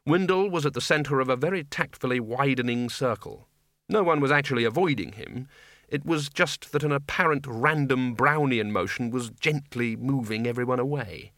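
A man's voice: mid-range voice, normal speed, fairly bright tone, dry recording. A man reading a comic fantasy novel aloud as an audiobook narrator, with dry, wry storytelling. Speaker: audiobook reader.

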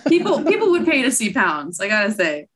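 A woman in her late twenties, a podcast guest chatting casually, animated and self-mocking, laughing often. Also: a little high, brisk, breathy edge, rough recording. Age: 20s. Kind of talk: casual chat.

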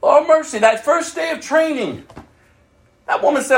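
A man preaching a sermon, moving from loud calls to hushed, near-whispered asides. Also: sits high, unhurried, vocal fry, reverberant.

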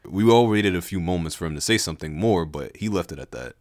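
A man's voice: deep voice, animated, fast talker, darkish tone, dry recording, studio quality. A man hosting a podcast, reading a story aloud casually with chatty asides.

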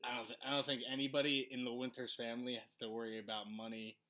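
A man co-hosting a podcast, recounting stories in a relaxed way with lots of fillers. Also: medium pitch, fast talker. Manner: relaxed storytelling with frequent fillers. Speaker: podcast co-host. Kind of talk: casual conversation.

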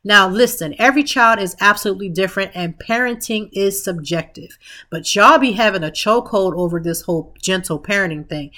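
A woman's voice: mid-range voice, a bit bright. A woman, hosting a podcast and giving emphatic, opinionated commentary straight to her listeners. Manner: emphatic, conversational, addresses listeners directly as "y'all". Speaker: podcast host.

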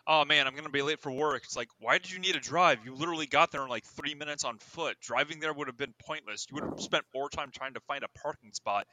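A man's voice: on the high side, fast talker, hardly any pauses, sharp tone, poor audio. A man casually discussing a movie, full of "like" fillers and sardonic jabs at the plot. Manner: filler-heavy, sardonic, picks apart the plot. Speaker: podcast co-host.

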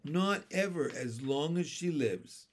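A man voicing a tired, gentle mother in a storybook reading, weary and soothing. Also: a little high, animated, slow pace.

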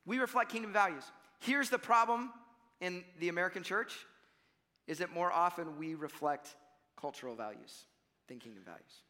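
A young adult man preaching a sermon as pastor, animated and conversational, swinging between loud emphasis and quiet asides. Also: high-pitched, normal speed, long reverb tail.

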